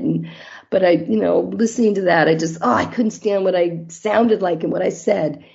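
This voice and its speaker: Mellow-voiced married woman telling stories. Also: medium pitch, expressive, moderate pace, gravelly, lo-fi sound. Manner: candid, storytelling, faith-based. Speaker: guest. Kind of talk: casual interview talk.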